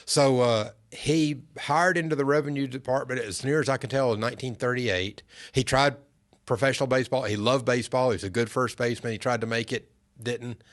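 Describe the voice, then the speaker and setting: A middle-aged man, a podcast guest, telling family stories in an earnest, unhurried way. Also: medium pitch, fairly even intonation. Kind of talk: casual storytelling interview.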